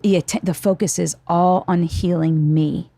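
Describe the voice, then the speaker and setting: A woman in her forties, a guest on a podcast, telling stories in casual chat with an animated, profane delivery. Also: lowish voice, normal speed, creaky, no echo.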